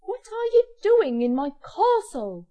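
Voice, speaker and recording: Woman putting on a boastful giant ogre, loud, bellowing, slow, storybook. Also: extremely high pitch, very animated, narrow, tinny audio, voice pushed up, heavily acted.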